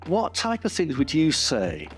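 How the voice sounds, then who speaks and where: A man's voice: fairly high pitch, wildly swooping pitch, measured pace, husky, soft background music. A man hosting a university interview, encouraging guests with open questions.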